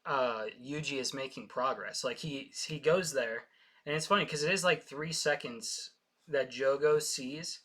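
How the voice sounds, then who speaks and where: A man co-hosting a casual anime recap, talking in a halting way with frequent restarts. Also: medium pitch, a bit bright. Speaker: podcast co-host.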